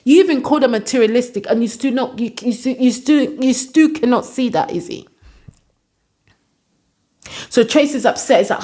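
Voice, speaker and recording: A woman's voice: a little high, normal speed, long pauses, mellow. A woman casually recapping a reality show episode, scolding its cast in exasperated asides. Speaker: vlogger reviewing a reality show.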